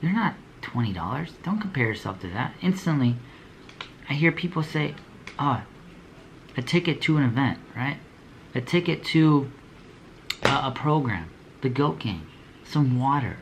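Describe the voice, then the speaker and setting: A man's voice: mid-range voice, expressive, unhurried, pauses often, slight background noise. A young man giving a motivational talk to small business owners, with a preachy, blunt delivery, slang, and slogans he repeats over and over. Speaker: motivational speaker.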